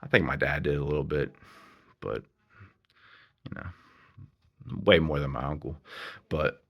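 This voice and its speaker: Man, very low voice, middle-aged, rambling, earnest, casual vlog story. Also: steady tone, unhurried, muffled recording. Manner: rambling, earnest, restarts and drifting asides. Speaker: channel owner telling a personal story.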